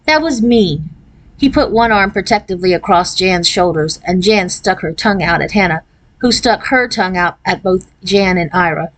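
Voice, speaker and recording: A woman narrating a children's novel aloud in a clear, steady storytelling manner. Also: fairly low pitch, normal speed. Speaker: reader.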